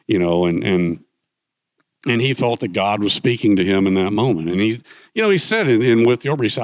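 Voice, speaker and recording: Older guy, low voice, rambles through stories with lots of um and uh, dry close sound. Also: lively intonation, fairly quick, darkish tone, no room sound. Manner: rambling storyteller with many fillers. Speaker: guest author. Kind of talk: fireside chat on stage. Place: conference stage.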